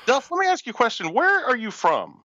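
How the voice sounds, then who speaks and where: A man chatting casually with deadpan, sarcastic jokes over a remote call. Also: very high-pitched, a little fast, dry recording, dull audio. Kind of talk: casual podcast chat.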